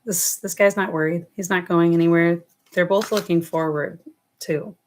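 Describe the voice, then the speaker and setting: A woman's voice: lowish voice, steady tone, moderate pace, a little hiss or hum. Affectionate New York woman reading tarot. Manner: affectionate, rambling, calls viewers loves and darling. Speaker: tarot reader. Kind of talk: casual live-stream reading. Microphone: webcam or phone on a livestream.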